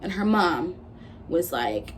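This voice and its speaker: A woman's voice: lowish voice, big pitch swings, takes it slowly, a little hiss or hum. A woman in her twenties telling a storytime vlog, blunt and profane, retelling arguments with quoted back-and-forth. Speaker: vlogger. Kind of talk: casual storytime rant.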